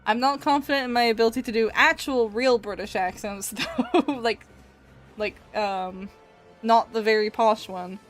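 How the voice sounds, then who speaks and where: A woman's voice: a little high, normal speed, soft background music. A woman streaming while she draws, chatting casually, answering her chat and laughing often.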